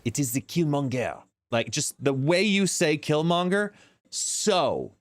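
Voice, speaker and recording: A man's voice: fairly high pitch, big pitch swings, measured pace, no room sound. A man streaming a card game live, explaining plays and chatting as he greets viewers by name. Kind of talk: live gameplay commentary and chat. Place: home, seated.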